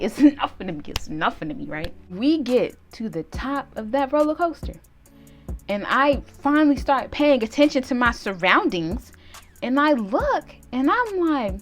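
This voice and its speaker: A young woman vlogger telling a storytime tale in casual slang, animated and laughing, breaking into loud shouted reenactments. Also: high voice, normal speed, soft background music. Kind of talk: storytime vlog.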